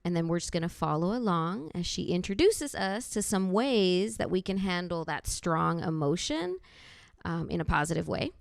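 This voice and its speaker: A woman's voice: fairly low pitch, lively intonation, normal speed, creaky, no room sound, studio quality. A woman presenting a workshop to people in the room and at home, stepping through the session in an upbeat way. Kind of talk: presenting to a live room and online audience.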